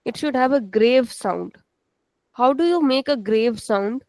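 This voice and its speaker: Lady teacher, kinda high voice, dry close mic, repeats stuff and says okay a lot. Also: measured pace, a little mellow, no echo. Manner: explains step by step, repeats key points, checks in with "okay"; switches into Hindi to explain. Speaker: language teacher. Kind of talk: online language lesson.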